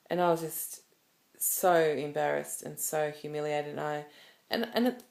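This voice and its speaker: A woman's voice: deep voice, fairly even intonation, a little slow, creaky, a little mellow. A woman talking to camera in a personal vlog, telling a story in a rambling, emotional way with many restarts. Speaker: vlogger.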